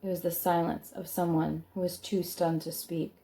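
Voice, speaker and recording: A woman's voice: lowish voice, level tone, moderate pace, mellow. A woman reading a children's book aloud, stopping now and then to add chatty comments of her own. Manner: chatty asides between read passages.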